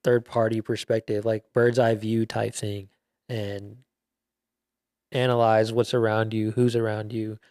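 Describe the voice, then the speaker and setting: Laid-back slangy young man, low voice. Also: little pitch movement, measured pace, a little mellow, no room sound, clean studio sound. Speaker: podcast host. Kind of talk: casual retelling of a Bible story.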